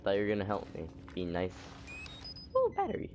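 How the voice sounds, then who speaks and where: Jokey, crude let's-play commentator. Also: male voice, low-pitched, level tone, racing, highs cut off. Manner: jokey, crude, sarcastic asides. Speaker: gameplay commentator.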